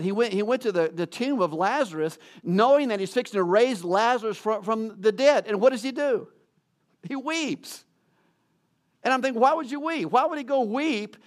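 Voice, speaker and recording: A male pastor giving a sermon in a conversational way, joking about himself and often restarting his sentences. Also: high voice. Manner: conversational preaching with self-deprecating jokes and frequent restarts.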